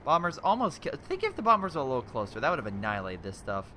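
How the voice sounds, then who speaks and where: A young man giving casual commentary over a strategy game replay, excitable and rambling, breaking off into exclamations. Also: mid-range voice, very fast, slight background noise.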